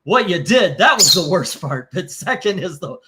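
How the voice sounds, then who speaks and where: A man's voice: high-pitched, very animated, normal speed, heavy background noise. Chatty man running a comic auction. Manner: rambling, swears casually, laughs while telling stories. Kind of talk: casual live-stream chat.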